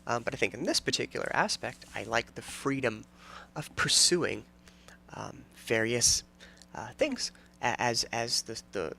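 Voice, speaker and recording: A man in his thirties hosts a casual solo podcast, wandering from thought to thought and tripping over his own sentences. His voice is bright and gravelly. His pitch swings widely as he jokes along. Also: animated, measured pace, slight background noise. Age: 30s. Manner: rambling, self-interrupting and jokey. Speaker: podcast host.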